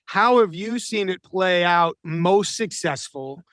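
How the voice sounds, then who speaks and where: High-voiced male podcast host, crisp. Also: lively intonation, slow pace, fairly bright tone, no echo. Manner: reflective, hedging with "I feel like". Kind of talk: podcast interview, conversational. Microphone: remote call with a mute button.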